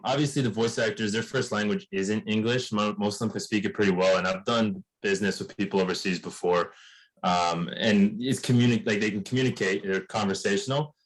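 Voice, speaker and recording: Lowish-voiced guy on a video call, polite, kinda stumbly, lots of restarts. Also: rough recording. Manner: hesitant, restarts often, polite. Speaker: course member asking a question. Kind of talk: casual Q&A chat.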